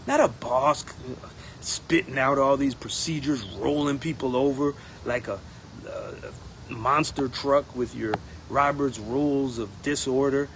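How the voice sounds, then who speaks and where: A man speaking in a casual campaign monologue as a union steward, animated and acting out others in quotes. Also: mid-range voice, measured pace, a little hiss or hum, low-quality recording. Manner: animated, acts out members' voices in quotes. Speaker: union steward running for president.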